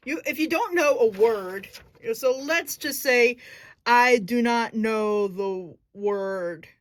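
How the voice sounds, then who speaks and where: An acting student explains her technique casually in a mid-range voice, recorded with no echo. She thinks out loud, hunting for the right words and correcting herself as she goes.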